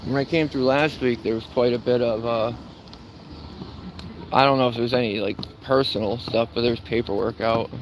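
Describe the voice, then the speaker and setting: A man filming himself outdoors in a parking lot, mocking people and shouting slogans as he walks. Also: medium pitch, steady tone, normal speed, noisy background. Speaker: protester filming a vlog. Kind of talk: casual outdoor protest vlog.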